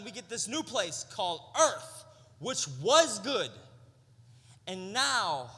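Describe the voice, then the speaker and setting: A man's voice: high voice, big pitch swings, takes it slowly, sharp tone, husky. A young adult man, a youth pastor, giving a casual, story-driven sermon full of slang and rhetorical "right?" questions. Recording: long hall reverb.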